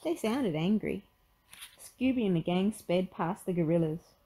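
A woman reads a children's picture book aloud, slow and unhurried. Her voice rises and falls freely as she tells the story expressively. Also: fairly low pitch, expressive, dark tone, poor audio.

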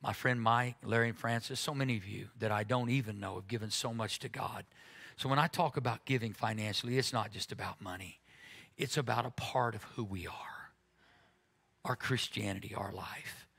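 A man's voice: lowish voice, fairly quick, creaky, fairly bright tone, husky. Earnest male pastor preaching. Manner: earnest, repeating words when moved. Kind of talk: sermon. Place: church sanctuary.

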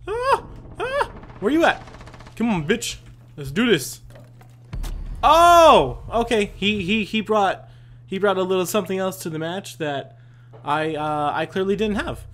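A young man doing let's-play commentary, excitable and swearing, yelping and laughing at himself as he plays. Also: high-pitched, moderate pace. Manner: excitable, swearing, yelps and self-mocking laughs. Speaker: gaming YouTuber.

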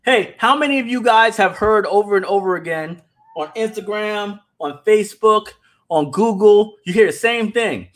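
Brief: high-pitched man, casual livestream host, animated and direct with his audience. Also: moderate pace. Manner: animated, talks straight to viewers, repeats words. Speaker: animation company founder hosting a livestream.

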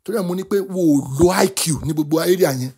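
A man with a Nigerian accent hosts a talk show and gives animated commentary. He is impassioned, mixes English and Yoruba, and keeps breaking into shouts. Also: sits high, fast talker, noisy background. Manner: impassioned, switches between English and Yoruba, often bursts into shouts.

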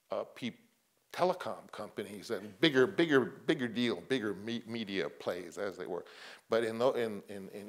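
An older man, a guest on a panel, telling stories in a rambling, halting way. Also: fairly low pitch. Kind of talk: anecdotal panel conversation.

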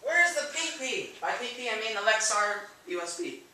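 Off-camera teen friend, high lively bright voice, goofy cracks, echoey room. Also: male voice, moderate pace, recorded from a distance. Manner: goofy, joking interjections.

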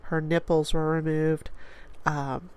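Stuffy-nosed radio lady in her 40s just rambling, kinda low voice. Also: level tone, takes it slowly, a little mellow, smooth. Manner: rambling, laughs between thoughts. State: congested. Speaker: radio host. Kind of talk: casual chat.

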